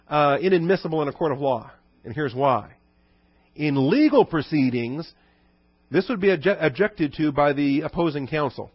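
A man preaching an expository sermon to his congregation, teaching conversationally and reading scripture quotes slowly and low. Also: dry recording. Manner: conversational teaching with rhetorical questions. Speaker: pastor. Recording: dull dry recording.

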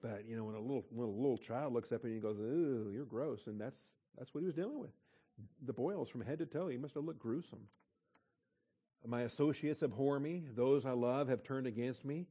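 A man's voice: mid-range voice, brisk, dark tone, breathy edge, highs cut off. A man preaching a conversational sermon, reading scripture aloud and explaining it. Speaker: pastor.

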